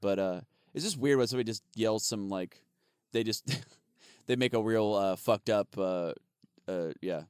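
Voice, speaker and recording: A man's voice: fairly low pitch, moderate pace, darkish tone, clean tone, no room sound, clean studio sound. A man co-hosting a podcast, a comedian who tells rambling stories, swears freely and laughs often. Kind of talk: casual chat.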